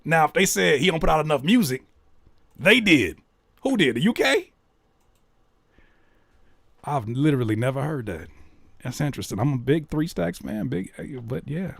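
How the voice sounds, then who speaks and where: Man, reaction host, animated, incredulous, lively pitch, fairly high voice, dry sound. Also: normal speed, vocal fry, husky, dry recording. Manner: animated, incredulous asides, jumps high when baffled. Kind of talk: casual reaction commentary.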